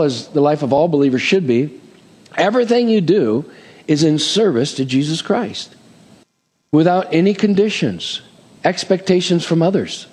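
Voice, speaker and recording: A man's voice: on the high side, a little mellow, in a large hall. A man preaching a sermon as pastor, conversational, with humorous asides and frequent questions to the congregation.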